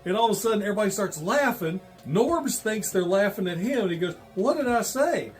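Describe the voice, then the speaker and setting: Brief: man in his 50s, sidekick co-host, jokey, a bit higher voice, faint music. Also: expressive, fast talker. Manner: chimes in, laughs along, jokey. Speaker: co-host friend. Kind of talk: casual chat.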